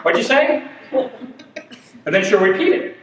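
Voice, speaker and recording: Sitting high and moving at a measured pace, the voice belongs to a man in his sixties giving a humorous storytelling talk. He mimics the people he quotes and laughs through punchlines, recorded from afar in an echoey, noisy space.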